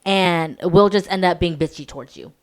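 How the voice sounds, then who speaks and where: A woman's voice: on the low side, normal speed. A woman co-hosting a casual podcast, talking candidly with lots of fillers. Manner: candid, acts out quoted voices, many fillers. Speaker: podcast co-host. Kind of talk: casual chat.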